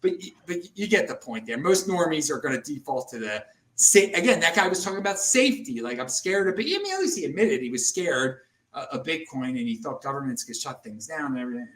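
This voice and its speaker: A man hosting a casual chat show, talking in an animated, excitable way, often restarting and stammering. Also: a little high, fast talker. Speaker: podcast host. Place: Salt Lake City area, indoors.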